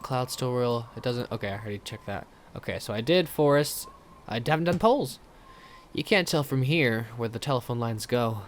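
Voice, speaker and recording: A man playing a story game, reading the text aloud and thinking out loud in casual commentary. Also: medium pitch, lively intonation, brisk, slight background noise. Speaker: let's player.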